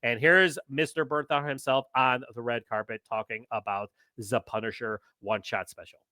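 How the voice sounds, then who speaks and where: A man hosting a podcast in casual chat, excitable and ranting, with the odd curse. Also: mid-range voice, moderate pace, no echo. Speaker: podcast host.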